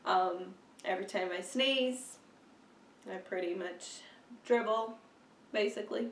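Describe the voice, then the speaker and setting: A woman's voice: medium pitch, measured pace, recorded from a distance, slight background noise. A young woman, stuffy with a cold, chatting casually in a vlog update with lots of fillers and laughter. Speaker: vlogger. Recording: roomy sound, a bit off-mic.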